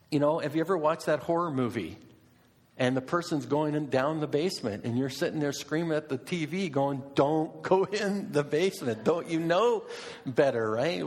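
A middle-aged man preaching a sermon in a conversational way, asking his listeners question after question. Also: fairly high pitch. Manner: conversational, asks the congregation repeated questions. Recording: long reverb of a hall.

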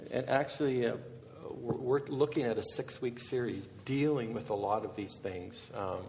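A man hosting a seminar, speaking haltingly and repeating words. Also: medium pitch, vocal fry, darkish tone. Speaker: seminar host. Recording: reverberant hall with faint noise.

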